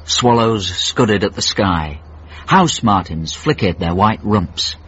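A man narrating a radio comedy story in a dry, measured way. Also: lowish voice, animated, fairly bright tone, breathy edge. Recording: dull old radio broadcast.

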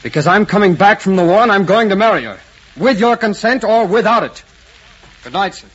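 An actor playing a polite, earnest young suitor about to leave for war, in 1940s radio acting style. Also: male voice, medium pitch, lively intonation, fairly quick, fairly bright tone, a little hiss or hum, natural voice. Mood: firm. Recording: dull old radio recording.

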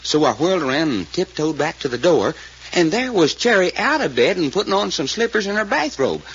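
A man's voice: fairly high pitch, very animated, a little fast, a bit bright. An actor playing a folksy male sidekick who recounts events in a drawl with rural grammar, in 1940s radio acting style. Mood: earnest. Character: folksy adult male sidekick telling what he saw. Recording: lo-fi old radio recording with faint hiss.

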